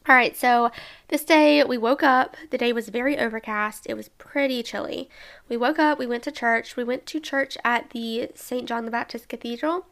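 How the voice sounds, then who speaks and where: Bubbly young woman from Alabama, gravelly edge. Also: a little high, normal speed, fairly bright tone. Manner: chatty, bubbly, frequent "like" and laughs. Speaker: travel vlogger. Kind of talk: casual travel recap.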